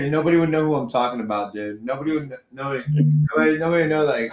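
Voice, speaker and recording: A man's voice: mid-range voice, fast talker, reverberant. A man from Texas in his thirties, rambling and swearing through a casual chat as a podcast host. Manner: rambling, profane, repeats himself.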